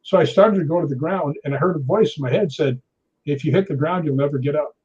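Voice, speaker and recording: A man in his sixties, a stunt performer, telling anecdotes in a lively way, laughing often and acting out other people's lines. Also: on the high side, fast, husky. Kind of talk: anecdotal storytelling. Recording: dull lo-fi recording.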